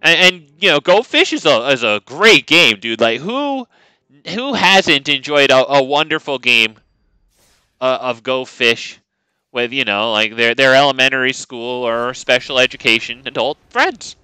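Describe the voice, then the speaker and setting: A man's voice: medium pitch, expressive, measured pace, sharp tone, clean tone, dry recording, poor audio. A man streaming a card game, chatting casually with viewers in a joking, sarcastic, rambling way. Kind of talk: casual gameplay commentary.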